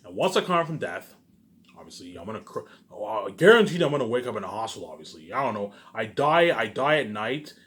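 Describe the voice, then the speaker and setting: Man, channel host, rapid rambling monologue, repeats himself constantly, swears a lot, somewhat low voice. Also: sing-song, a bit bright. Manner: repetitive, fills nearly every sentence with "obviously" and "you know what I'm saying"; profane, emphatic and grandiose. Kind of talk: rambling solo monologue to viewers.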